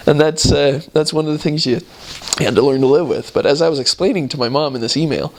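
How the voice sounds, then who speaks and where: A man's voice: fairly high pitch, slight background noise. Man telling a story with many restarts. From United States. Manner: halting, with fillers and restarts, laughing at the story. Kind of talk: casual storytelling.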